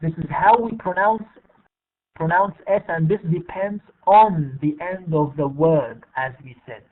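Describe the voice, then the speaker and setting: Tinny halting male teacher. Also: on the high side. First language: Arabic. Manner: halting, repeats words, many fillers. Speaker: English teacher. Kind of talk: bilingual online lesson. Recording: tinny phone-like online call audio.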